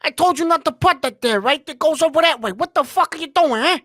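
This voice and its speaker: A man voicing an aggressive, high-pitched male mob boss who swears and bullies as he threatens. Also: lively intonation, fast, fairly bright tone, no room sound, clean studio sound. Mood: menacing.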